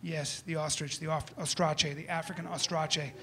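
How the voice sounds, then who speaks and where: A man performing stand-up comedy before a live audience, animated, with loud outbursts and acted-out voices. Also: fairly high pitch, normal speed. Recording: live room with crowd noise.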